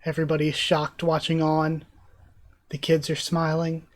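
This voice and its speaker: A man's voice: fairly high pitch, completely flat delivery, moderate pace. Een man met een vrij hoge stem reageert live als YouTuber. Hij leest een manga voor en geeft geanimeerd, emotioneel commentaar. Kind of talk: live reaction, reading aloud.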